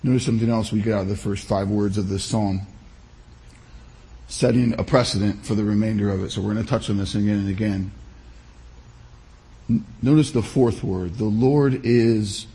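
A pastor giving a sermon, preaching in a measured, emphatic way with deliberate pauses. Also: male voice, lowish voice, steady tone, creaky, mellow.

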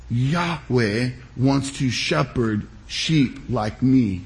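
A pastor giving a sermon, preaching in a measured, emphatic way with deliberate pauses. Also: male voice, mid-range voice, expressive.

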